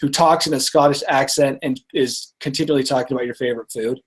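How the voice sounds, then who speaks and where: A man's voice: medium pitch, fairly even intonation, fast, breathy edge. A man co-hosting a casual comedy podcast, telling stories and joking, often laughing at his own bits. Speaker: podcast co-host presenting stories.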